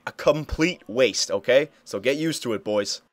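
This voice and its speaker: A young man talking through gameplay footage in a relaxed tutorial. His voice sits at an ordinary middle pitch. He coaches the listener and keeps asking "okay?" to check they follow. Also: moderate pace, no echo. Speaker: video game tutorial host. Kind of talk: casual gameplay tutorial commentary.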